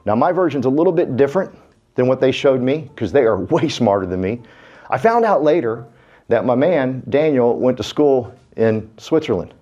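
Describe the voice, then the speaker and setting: A man's voice: medium pitch, expressive, normal speed, warm tone. A man giving a casual, folksy, self-deprecating business talk, telling jokey stories about himself. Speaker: real estate business speaker. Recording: dull lo-fi sound.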